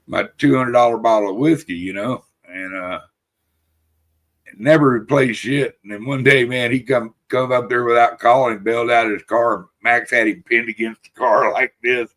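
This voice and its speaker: A man's voice: mid-range voice, fairly bright tone. A man hosting a casual podcast chat, telling long, rambling stories full of swearing and laughter. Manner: rambling, profane, laughs through his stories. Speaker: podcast host.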